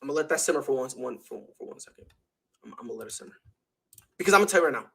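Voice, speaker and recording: A man's voice: mid-range voice, lively intonation, racing, vocal fry, slightly rough. A young man hosting a sports talk show, delivering an emphatic, slangy opinion monologue full of rhetorical questions.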